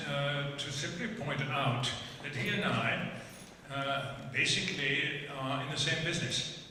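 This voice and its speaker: A man with a bright, forceful voice leads a conversation on stage, choosing his words slowly with frequent hesitations. He sounds far from the microphone, in a big hall with long reverb. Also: medium pitch. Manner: halting and measured, many hesitant fillers. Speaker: moderator of the conversation. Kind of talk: unscripted panel conversation. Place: large event hall with a live audience. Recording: roomy hall echo, distant, faint hiss.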